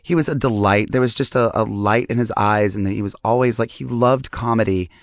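A man with a hoarse, strained voice hosting a podcast in a rambling, self-deprecating, chatty monologue. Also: lowish voice, brisk, no room sound, studio quality. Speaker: podcast host. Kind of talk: casual monologue.

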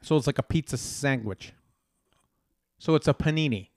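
A man's voice: mid-range voice, moderate pace, creaky, a little mellow, no echo, studio quality. A man co-hosting a casual comedic debate, teasing and mock-formal as he argues his side.

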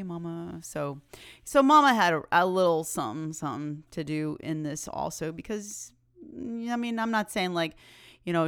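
A woman podcast host telling a personal story in a chatty, animated way, laughing often. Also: deep voice, clear, resonant tone, dry recording, clean studio sound.

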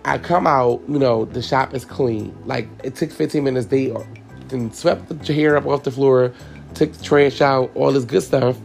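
A young man with a gravelly, creaky voice who talks to his listeners as y'all. He tells a personal story frankly and emotionally, swearing freely and without any polish. Faint music plays underneath. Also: mid-range voice, steady tone, moderate pace, darkish tone. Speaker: podcast host and hairstylist.

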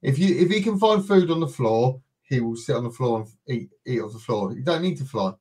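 A man's voice: medium pitch, lively intonation, brisk, darkish tone, slightly rough. A man guest in casual chat, rambling a little and restarting as he retells what someone told him.

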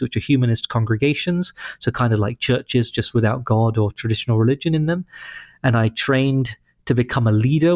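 A man in his thirties with an English accent, answering interview questions in a thoughtful, articulate, measured way. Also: mid-range voice, a little mellow, dry recording, clean studio sound. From London, England. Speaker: leader of a humanist congregation.

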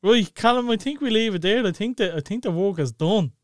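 A man's voice: high-pitched, lively intonation, fairly quick, dry recording, studio quality. A Dublin man hosting a casual podcast chat, teasing, laughing and swearing freely. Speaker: podcast host.

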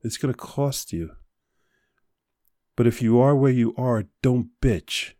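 A man hosting a podcast, giving a blunt motivational talk full of rapid rhetorical questions and profanity. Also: mid-range voice, dark tone, dry recording, studio quality. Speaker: podcast host. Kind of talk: motivational monologue.

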